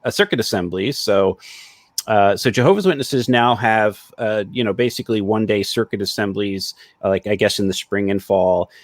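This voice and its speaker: A man's voice: fairly low pitch, moderate pace, dry recording. A man in casual livestream discussion, explaining at length with many fillers and small laughs, over a video call.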